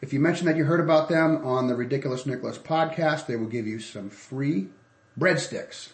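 A man's voice: medium pitch, brisk, reverberant. A man hosting a casual podcast, rambling through ad reads and banter with many restarts. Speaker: podcast host.

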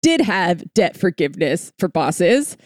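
A woman's voice: fairly low pitch, big pitch swings, a little slow, a little mellow, no room sound, studio quality. A woman co-hosting a casual political podcast, sarcastic and profane in a wry way. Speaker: podcast co-host.

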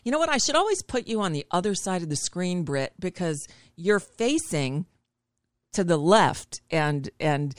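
A woman's voice: on the low side, sing-song, moderate pace, no echo, clean studio sound. A woman hosting a talk show over a video call, chatty and digressive, laughing as she goes. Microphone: video call setup.

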